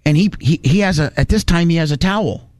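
Man, rambling folksy storyteller, slightly higher voice, dry close sound. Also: quick pace, no echo. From Indiana. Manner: rambling, folksy, animated when quoting people. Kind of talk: casual storytelling.

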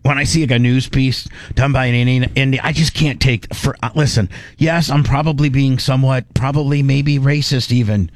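A man's voice: medium pitch, steady tone, fairly quick, few pauses, no room sound, clean studio sound. A man hosting a radio show in casual chat, rambling, teasing and poking fun at himself. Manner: rambling, teasing and self-mocking.

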